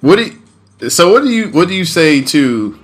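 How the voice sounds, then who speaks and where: A man's voice: a little high, very animated, normal speed, faint music behind. A young man in casual conversation, earnest and emphatic, with slangy asides.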